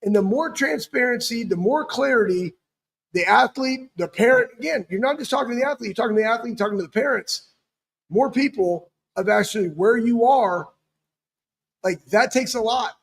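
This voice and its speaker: Husky, high-pitched former player co-host. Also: male voice, brisk. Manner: earnest, emphatic, repeats himself for stress. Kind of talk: casual sports chat.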